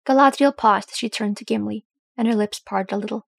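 A woman narrating a story as an audiobook reader in an even, unhurried voice. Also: medium pitch, vocal fry, no room sound.

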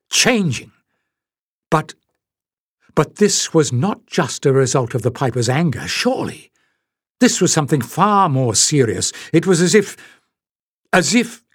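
A man's voice: mid-range voice, husky, no room sound, clean studio sound. Man narrating a fantasy audiobook.

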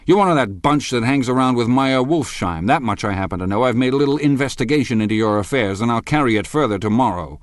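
A man's voice: lowish voice, expressive, normal speed, no echo, lightly acted. A man voicing a domineering wealthy man who speaks in a blustering, accusing way.

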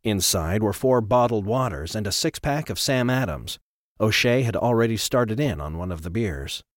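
Low-voiced man narrating a thriller audiobook. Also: normal speed, dry recording, studio quality. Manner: expressive, dramatic reading. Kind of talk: scripted narration.

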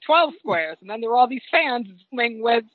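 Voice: mid-range voice, sing-song, moderate pace, narrow, tinny audio, a little hiss or hum. A panel guest in a casual group chat, talking in a rambling way with many fillers and restarts. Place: Los Angeles.

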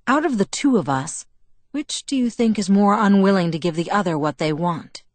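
A woman voicing a calm, teasing young man who speaks softly, in an audiobook. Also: medium pitch, normal speed, no echo, lightly acted. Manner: soft, calm, murmured. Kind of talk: audiobook character voice.

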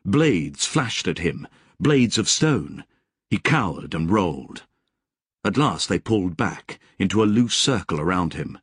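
A man narrating an audiobook in scripted, expressive storytelling with vivid description. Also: low voice, measured pace, breathy edge, dry recording, clean studio sound.

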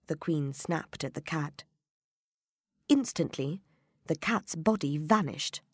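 A woman narrating a children's storybook in a measured, expressive reading. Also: low voice, husky, dry recording, studio quality.

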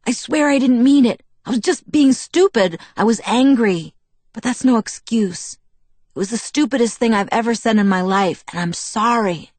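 A woman voicing an eager, remorseful teenage werewolf boy who rushes and trips over his words, in an audiobook reading. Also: lowish voice, lively intonation, dry recording. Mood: pleading.

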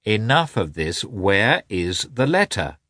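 A man's voice: on the low side, very animated, slow, a bit bright, dry recording, clean studio sound, exaggerated voice. A man voicing a reserved male cavalry officer who speaks curtly and impatiently. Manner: curt, impatient.

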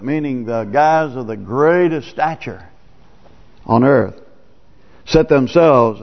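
A man's voice: a little high, vocal fry. A man, a pastor, preaching a sermon in a plain, folksy, conversational way. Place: church sanctuary. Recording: dull lo-fi church recording with long reverb.

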